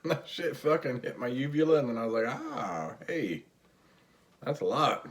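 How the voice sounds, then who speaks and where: This tired co-host's mid-range voice swings widely in pitch as he talks at a normal speed. In casual chat with his partner, he tells jokey stories and imitates her voice.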